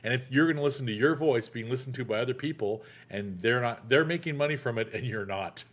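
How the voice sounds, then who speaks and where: Animated storytelling man. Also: medium pitch, fast talker. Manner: animated storyteller, acts out quotes. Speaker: podcast host; actor. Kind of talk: casual chat.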